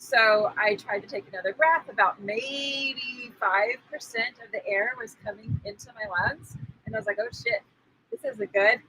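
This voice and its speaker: A woman telling a story in casual conversation as a spiritual teacher co-hosting a live stream, animated and laughing as she acts out the people in it. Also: fairly high pitch, normal speed, slight background noise, rough recording. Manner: animated, acts out quoted voices, laughs often.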